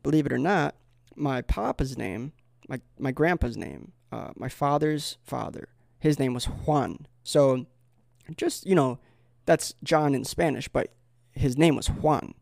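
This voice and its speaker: A man's voice: medium pitch, expressive, a little slow, creaky, a little mellow, no echo, studio quality. A man talking to camera in a rambling, comedic vlog, full of fillers and digressions, with bursts of mock-insulting sarcasm. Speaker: vlogger.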